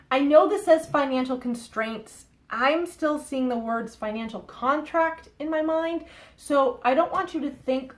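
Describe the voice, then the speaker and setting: A woman with a Boston accent talks through a tarot reading in a loose, rambling way. Her voice sits a little high. She keeps checking in with her viewers as she goes. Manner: chatty, rambling, often asks okay. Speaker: tarot reader. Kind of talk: casual tarot reading to camera.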